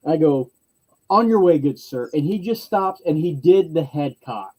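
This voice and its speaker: A man telling a convention story in casual chat, lively, acting out other people's lines in varied voices. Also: fairly high pitch, moderate pace, rough recording.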